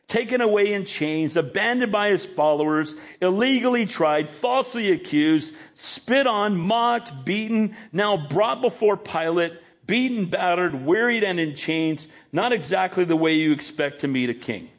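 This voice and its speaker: A man's voice: high-pitched, expressive, unhurried, few pauses. A male pastor preaching a sermon, emphatic and dramatic as he retells a scene.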